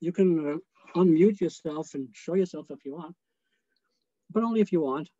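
Male choral conductor teaching over a video call, high-ish mellow voice, casual and chatty, sings bits to demonstrate, dull dry call audio. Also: normal speed, no room sound. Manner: relaxed and chatty, sings short phrases to demonstrate. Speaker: choral conductor giving a lecture. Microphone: video call microphone.

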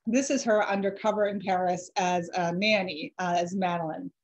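A woman author giving a chatty slide presentation, pausing with ums and correcting herself, her voice a little dry from allergies. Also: fairly low pitch, steady tone, muffled recording. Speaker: author giving a library talk.

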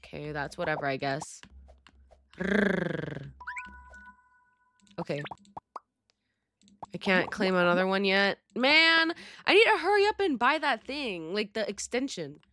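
A woman's voice: mid-range voice, big pitch swings, normal speed, fairly bright tone. A young woman giving bubbly, dramatic, slangy commentary while playing a game, with sudden squeals. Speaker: gaming YouTuber. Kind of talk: casual gaming commentary.

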